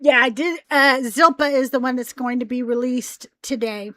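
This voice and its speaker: A woman's voice: high-pitched, normal speed, a bit bright, no room sound. A woman hosting a live call-in show, chatting casually in a rambling way with a youthful, teen-like voice. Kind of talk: casual live-stream chat.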